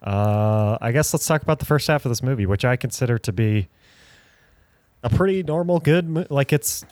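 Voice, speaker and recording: A man's voice: medium pitch, expressive, moderate pace, darkish tone, no room sound. Rambling man reviewing a movie. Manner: rambling, laughs often, many fillers. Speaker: podcast co-host. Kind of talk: casual movie review chat.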